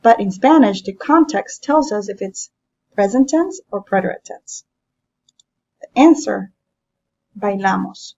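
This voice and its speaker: A woman teaching a language lesson, explaining grammar step by step in a patient, measured way. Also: mid-range voice, lively intonation, creaky, a little mellow, muffled recording. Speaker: Spanish teacher. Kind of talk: classroom lesson narration.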